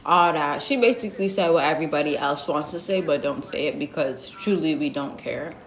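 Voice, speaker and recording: A woman's voice: deep voice, fairly quick. Sassy young woman telling a story, roomy sound. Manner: blunt, sassy and slangy, with lots of asides. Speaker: vlogger. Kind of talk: storytime vlog, casual gossip. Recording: roomy echo.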